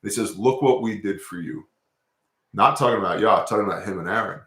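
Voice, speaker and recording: A man hosting a casual talk about scripture, telling stories in an animated, profane way. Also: on the low side, fast, reverberant.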